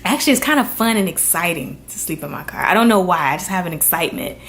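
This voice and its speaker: A young adult woman vlogging to camera, telling a personal story with earnest, animated delivery and acted-out quotes. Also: on the low side, quick pace. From Florida.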